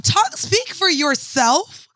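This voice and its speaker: A woman co-hosting a podcast, loud, brash and playful in casual banter. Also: very high-pitched, big pitch swings, slow, no echo, studio quality. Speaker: podcast co-host.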